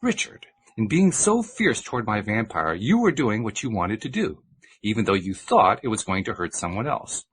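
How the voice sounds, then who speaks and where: A man's voice: fairly low pitch, big pitch swings, moderate pace, breathy edge. A man reading a book aloud and voicing a patient male spiritual teacher who explains things. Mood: earnest.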